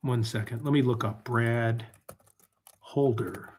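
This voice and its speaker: A man's voice: medium pitch, steady tone, takes it slowly, a little mellow, breathy edge. A man hosting a casual live stream, rambling and talking to his viewers while he searches online. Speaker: livestream host. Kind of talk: casual livestream chat.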